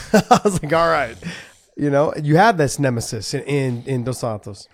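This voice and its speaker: A man's voice: mid-range voice, expressive, normal speed, no room sound, studio quality. A man co-hosting a podcast, asking questions in a blunt, joking way and swearing freely. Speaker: podcast co-host. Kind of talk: casual podcast conversation.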